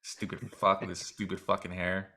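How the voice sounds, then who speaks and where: A man with a bright, forceful voice, ranting on a podcast. He swears constantly and talks with heated, deadpan comic anger. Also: deep voice, normal speed. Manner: heated, profane, deadpan rant. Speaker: podcast co-host. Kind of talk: casual chat, profane comedic rant.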